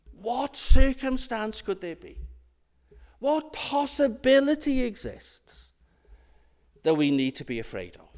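A man preaching a sermon, slow and deliberate, with emphatic rhetorical questions. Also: high-pitched, a little mellow, big-room sound.

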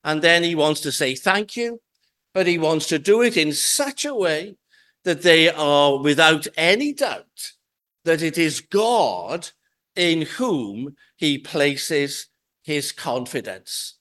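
A man preaching a sermon in a church, slow and measured, leaning on key words for emphasis. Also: fairly high pitch, expressive, a bit bright. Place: church with pews.

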